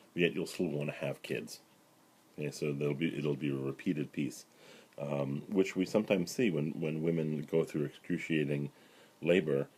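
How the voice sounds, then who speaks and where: A middle-aged male rabbi giving a relaxed spoken Bible lesson, with lots of fillers and "right?" asides to his listeners. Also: a bass voice, slightly rough. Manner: conversational, many fillers and "right?" asides, paraphrases dialogue. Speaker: rabbi teaching the weekly Torah portion.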